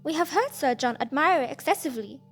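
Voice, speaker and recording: A woman doing a sweet, flattering young schemer. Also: sits high, fast talker, soft background music.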